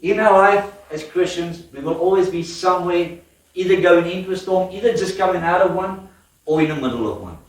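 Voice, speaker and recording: Male preacher, high-pitched, animated storytelling sermon; distant mic in a reverberant church hall. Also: fairly quick. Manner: lively storytelling with laughs and questions to the congregation. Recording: echoey church hall from afar.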